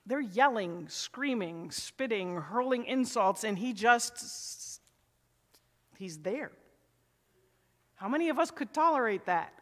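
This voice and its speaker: A man's voice: sits high, lively intonation, takes it slowly, pauses often, a bit bright. A middle-aged male pastor preaching a sermon in a church sanctuary, talking conversationally and asking the congregation questions. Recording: long church reverb.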